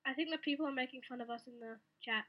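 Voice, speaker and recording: A woman's voice: sits high, racing, lo-fi sound. A young woman chatting while playing a game with a friend, giggling and exclaiming when she fails. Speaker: co-player. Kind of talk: casual gameplay chat.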